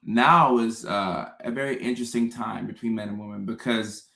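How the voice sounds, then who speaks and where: A man hosting a casual livestream, talking to viewers in an animated way, often repeating words and acting out his own thoughts. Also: fairly low pitch, normal speed, vocal fry. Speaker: host.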